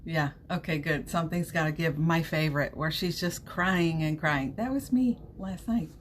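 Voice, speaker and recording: A woman's voice: low voice, normal speed, slight background noise. A woman hosting a casual live stream, chatty, laughing often and reassuring her viewers, with a runny nose. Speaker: livestream host.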